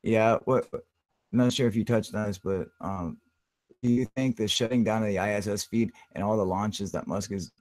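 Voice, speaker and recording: A man's voice: on the low side, fairly even intonation, moderate pace, a little mellow, no room sound. A man hosting a live stream in loose, heavily profane casual chat, talking through what he is doing on his computer.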